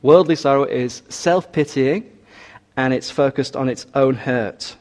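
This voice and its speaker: A man preaching a sermon in an earnest, measured way, often asking his listeners rhetorical questions. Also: mid-range voice, darkish tone.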